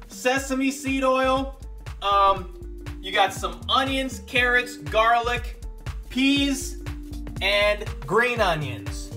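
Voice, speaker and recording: A man's voice: high voice, bright, forceful tone. A young man hosting a casual home cooking video in his kitchen, joking and rambling with lots of fillers. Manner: joking, rambling, lots of fillers and "you know what I mean". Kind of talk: casual cooking show chat.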